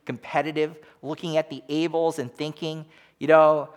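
A man's voice: a little high, little pitch movement, normal speed. A man preaching a sermon as pastor, emphatic and full of rhetorical questions.

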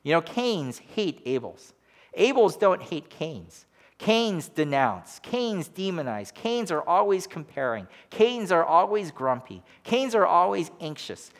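A man's voice: high-pitched, sing-song, takes it slowly. A man preaching a sermon as pastor, emphatic and full of rhetorical questions.

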